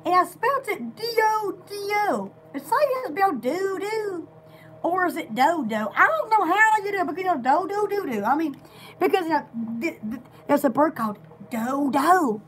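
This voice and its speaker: A giggly woman with a very high voice that jumps all over the place. She chats in a rambling, goofy way and hops between topics. A faint hiss of background noise runs under her voice. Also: lively intonation, normal speed, fairly bright tone. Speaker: shop owner hosting a live video. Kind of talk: rambling casual live chat. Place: home at night.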